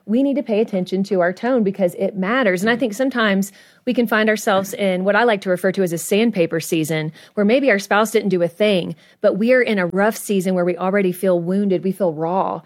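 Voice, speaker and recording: A woman's voice: medium pitch, fairly quick. A woman with a mid-range voice speaks as a counselor guest. She tells family stories and affirms the hosts often. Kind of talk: interview talk.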